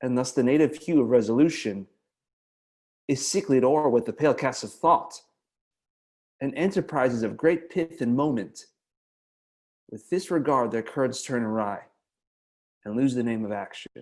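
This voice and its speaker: A brooding young prince torn between living and dying, spoken by a man reciting verse. The lines come out measured and deliberate, with ordinary pitch, as in a classical recitation. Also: darkish tone, close to an everyday voice. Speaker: actor in a masterclass.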